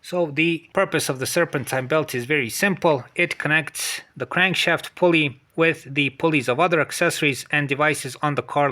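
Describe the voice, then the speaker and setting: A man's voice: on the high side, pushed and bright, roomy sound. A man presenting a car repair lesson, walking viewers through warning signs step by step, often checking in with "okay?" and addressing "dear viewers". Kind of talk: instructional explainer.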